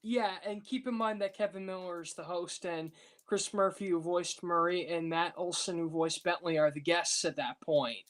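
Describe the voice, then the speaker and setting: A woman's voice: lowish voice, normal speed. A woman chatting casually on a podcast, rambling with many fillers. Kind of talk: casual chat.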